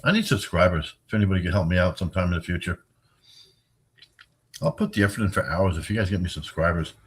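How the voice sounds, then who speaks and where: Older male streamer, worn out and yawning, husky voice, loose profane chat with viewers. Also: low-pitched, expressive, fast talker. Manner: rambling, profane, chatting with viewers. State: tired, yawning. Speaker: livestream host. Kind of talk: casual late-night livestream chat.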